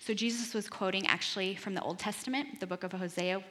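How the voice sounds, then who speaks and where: A woman's voice: medium pitch, steady tone, fast talker, few pauses, fairly bright tone, long reverb tail. A woman giving a casual devotional Bible teaching, retelling the stories conversationally with chatty asides.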